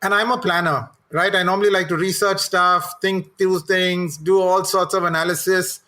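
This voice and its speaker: A man's voice: high voice, fairly even intonation, normal speed, bright, forceful tone. A middle-aged man, a guest telling candid, self-deprecating personal anecdotes. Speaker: guest, communications executive and coach.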